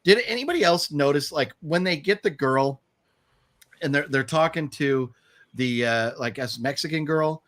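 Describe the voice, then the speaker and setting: A man's voice: a little high, normal speed, a bit bright. A man hosting a casual bad-movie podcast, rambling and ranting with profanity and mocking scenes. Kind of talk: casual chat.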